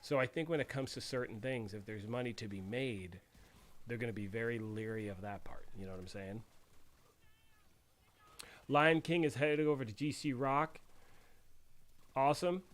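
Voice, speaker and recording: A man's voice: mid-range voice, moderate pace, long pauses. A man hosting a casual live stream, chatting loosely with many fillers and answering viewers. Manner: rambling, conversational, many fillers; reads and answers chat. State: throat clearing after choking on tea. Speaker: livestream host.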